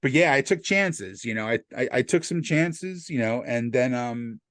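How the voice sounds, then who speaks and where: A man's voice: mid-range voice, normal speed, dry recording, clean studio sound. A man from New Jersey, a stand-up comedian, telling stories in casual podcast talk, swearing and acting out what people said. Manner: profane, animated storyteller acting out quotes. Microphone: desk USB microphone.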